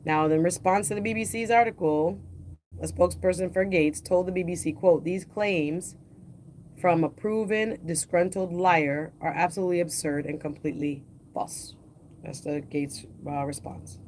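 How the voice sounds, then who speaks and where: Low-voiced woman reading news on a livestream. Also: a little mellow, slight background noise. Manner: reads quotes slowly and deliberately, adds casual asides. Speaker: livestream host. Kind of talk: reading news articles aloud with commentary.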